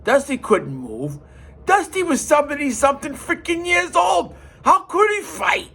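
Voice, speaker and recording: Here is a man telling a story in a casual podcast, slow and deliberate. His voice is high for a man and swings widely as he stresses each point. He sounds emphatic and animated. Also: vocal fry. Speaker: podcast host.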